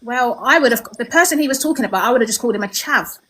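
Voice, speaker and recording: A woman's voice: fairly high pitch, expressive, very fast, fairly bright tone, husky. A woman of West Indian heritage arguing her point as a panel guest in a heated debate, insistent and asking "right?" often. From West Indian family in Britain.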